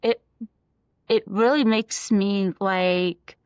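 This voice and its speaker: A woman's voice: mid-range voice, steady tone, drawn-out words, clear, resonant tone, dry recording. A woman in her thirties, an interview guest, talking with emotion and many fillers and restarts. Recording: dull, lo-fi dry recording.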